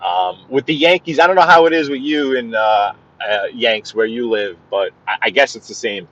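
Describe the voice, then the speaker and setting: A man's voice: mid-range voice, moderate pace, a bit bright, lo-fi sound. A man chatting casually to his live-stream viewers while driving, stumbling and repeating words as he talks. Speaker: live-streaming driver vlogger. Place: inside a car on the highway.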